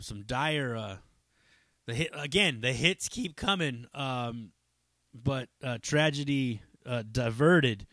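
A man's voice: mid-range voice, fairly bright tone, no echo, studio quality. A man hosting his own podcast in a loose, rambling chat, swearing freely and drifting between asides. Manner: rambling and profane, full of fillers and asides. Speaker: podcast host. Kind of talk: casual chat.

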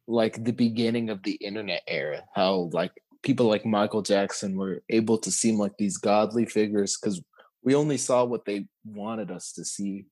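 A man co-hosting a music podcast, leading segments in a relaxed, conversational way with fillers. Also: lowish voice, normal speed. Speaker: podcast co-host. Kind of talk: casual podcast chat about music.

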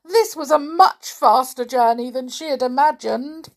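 A woman reading a children's storybook aloud in an expressive, animated way. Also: high voice, measured pace.

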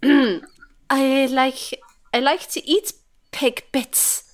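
A woman voicing a brash female Viking warrior ghost in a put-on mock Swedish accent, boastful and slow. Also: sits high, fairly even intonation, pitched above the performer's own voice. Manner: boastful, slow, breaking character.

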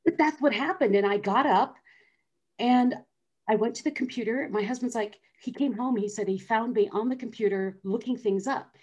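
A woman's voice: a little high, moderate pace, darkish tone, lo-fi sound. A middle-aged woman earnestly telling her personal story as an interview guest. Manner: earnest, acts out quoted voices.

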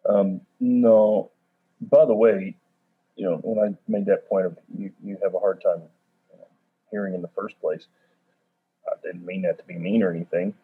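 A man's voice: sits low, fairly even intonation, moderate pace, long pauses, slightly rough. A man who is a pastor, co-hosting a casual chat and teasing his brother. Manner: teasing, joking. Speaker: pastor and podcast co-host. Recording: tinny phone-like line.

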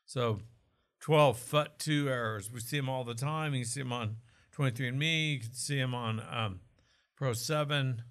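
A man's voice: medium pitch, normal speed, a bit bright. A man from Oklahoma talking casually about health as a co-host, explaining with asides and jokes. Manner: chatty, explanatory, jokes and restarts.

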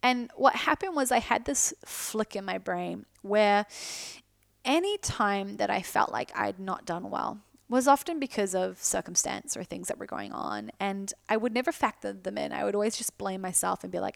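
Woman, solo podcast host, casual and candid, swears a lot, gravelly voice, dry close sound. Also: mid-range voice, normal speed, dry recording. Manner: candid, swears freely, animated self-mocking asides.

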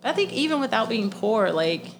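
A woman's voice: a little high, big pitch swings, brisk, vocal fry, background noise. A woman co-hosting a casual podcast, blunt and profane, a little congested, telling stories animatedly. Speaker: podcast co-host.

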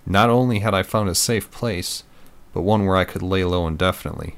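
A man narrating a first-person thriller story in a steady, measured reading voice. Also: deep voice, smooth. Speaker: audiobook narrator.

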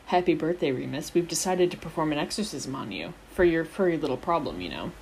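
A woman's voice: deep voice, expressive, fast talker, darkish tone, a little hiss or hum, low-quality recording. A woman voicing a teenage boy fighting back giggles as he whispers a joke. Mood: giggly. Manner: giggling, conspiratorial.

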